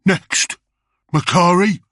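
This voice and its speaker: A man's voice: high-pitched, slow pace, a bit bright, full character voice. A man voicing a furious, desperate hulking male orc warlord who bellows his lines. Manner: bellowing, snarling.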